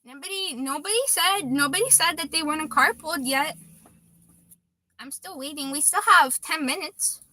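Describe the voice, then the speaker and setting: A woman's voice: sits high, normal speed, bright, forceful tone, no room sound. A woman in her twenties chatting casually on a livestream, reading viewer comments aloud and laughing often. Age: 20s.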